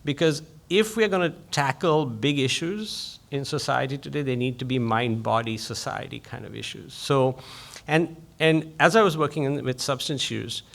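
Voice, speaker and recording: A man, a physician giving an invited public lecture, who speaks quickly and eagerly in a conversational way. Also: medium pitch, vocal fry, fairly bright tone.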